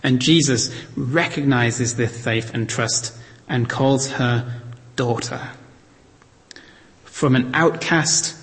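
A man's voice: medium pitch, a bit bright. Earnest male preacher in a reverberant hall. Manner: earnest, reflective, slows down to stress points. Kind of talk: sermon with scripture reading.

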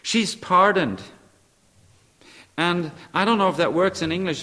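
A man's voice: high-pitched, a little slow, sharp tone, long reverb tail. A man preaching a sermon, emphatic and repeating short phrases, now and then searching for the right English word.

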